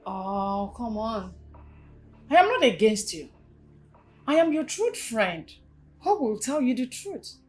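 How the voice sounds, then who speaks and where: An actress with a Nigerian accent voices a frank, honest young female friend who scolds her bluntly and preachily. Her pitch is fairly high and sing-song, and she speaks slowly with long pauses.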